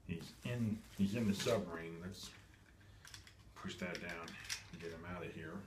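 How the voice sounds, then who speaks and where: A man's voice: sits low, measured pace. A man casually narrating as he unboxes and shows off a vintage toy, rambling and correcting himself with lots of ums. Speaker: toy collector vlogger. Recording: echoey room with steady background noise.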